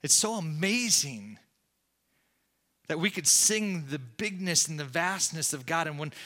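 Impassioned bright-voiced male preacher. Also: on the high side, animated, unhurried. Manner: impassioned preaching, swinging from loud to hushed. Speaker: pastor. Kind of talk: sermon.

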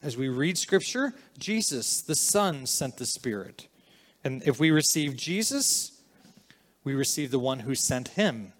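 A man preaching a sermon, earnest and emphatic in places, quieter and reflective in others. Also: mid-range voice, sing-song, measured pace. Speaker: pastor.

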